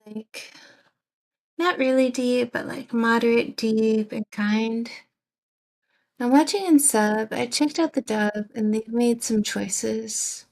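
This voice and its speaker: Young British woman streamer, casual chat, soft and slow, drifts into whispers. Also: on the high side.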